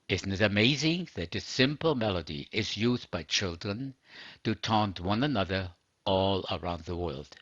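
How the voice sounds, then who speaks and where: A man delivering a scripted sermon in a measured, earnest preaching manner. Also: lowish voice, lively intonation, a bit bright, breathy edge, no room sound, muffled recording. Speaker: religious teacher.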